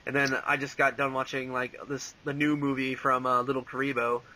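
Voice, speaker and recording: A man's voice: medium pitch, little pitch movement, fairly quick, sharp tone, poor audio. A young man rambling casually as an interview guest, full of "like" and "um" and frequent laughs. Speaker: interview guest, fan voice actor.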